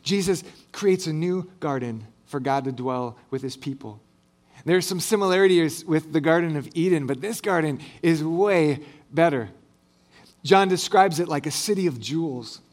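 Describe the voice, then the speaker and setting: A man preaching a sermon, reading scripture and talking with light humor, rising on big phrases and dropping soft at the ends of lines. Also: a little high, normal speed. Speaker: pastor.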